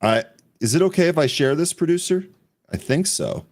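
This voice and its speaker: A man's voice: on the high side, lively intonation, moderate pace, darkish tone. A man hosting a live pre-market trading show, reading headlines and walking through stock charts in a chatty, laughing way. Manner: reads headlines aloud and checks charts while chatting.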